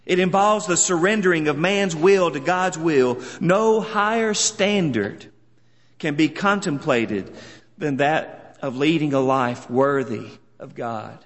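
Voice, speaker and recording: Earnest preacher in a reverberant hall. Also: male voice, a little high. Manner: earnest, measured preaching with solemn emphasis. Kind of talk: sermon.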